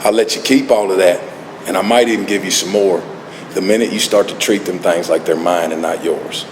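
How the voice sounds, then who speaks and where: A man's voice: sits low, fairly even intonation, brisk, background noise, close to an everyday voice. God as a wry, bargaining man put on by a man. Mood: gentle. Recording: echoey hall with long reverb.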